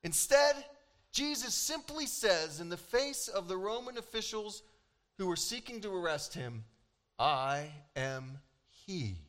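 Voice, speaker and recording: A man preaching a sermon as pastor, animated and emphatic, acting out quoted lines with dramatic pauses. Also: high-pitched.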